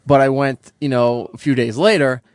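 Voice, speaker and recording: A man and radio show regular, telling an embarrassing story in a hesitant, halting way. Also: medium pitch, no echo. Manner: hesitant, halting, lots of restarts.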